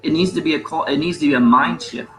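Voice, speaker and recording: A man's voice: fairly high pitch, quick pace, roomy sound, low-quality recording. A man hosting a casual discussion, rambling and restarting his sentences as he poses questions. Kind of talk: casual debate chat.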